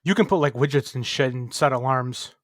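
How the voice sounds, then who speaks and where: Fast-talking American man. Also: medium pitch. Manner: rambling, profane. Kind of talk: casual chat.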